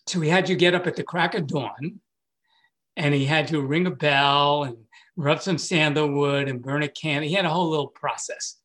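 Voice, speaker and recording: A man in his sixties, a meditation teacher, telling a personal story in a casual way, laughing often and jumping high when he quotes himself. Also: normal speed, a bit bright.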